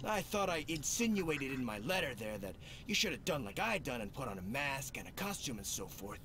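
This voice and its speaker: An actor voicing a nervous, folksy apprentice thief in a video game, drawling and stammering. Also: male voice, medium pitch, very animated, brisk, sharp tone. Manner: drawling country talk, stammers. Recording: game audio with clear background noise.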